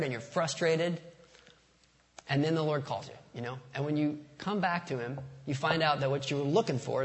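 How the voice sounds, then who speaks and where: A man preaching a sermon as pastor, casual and conversational, slipping in jokes. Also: on the high side. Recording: long reverb of a large hall.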